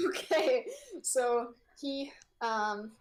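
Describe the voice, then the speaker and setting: A woman running a tabletop game as game master, her voice sitting a little high. She narrates the scene haltingly, with plenty of fillers, and laughs often. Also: a loud crowd.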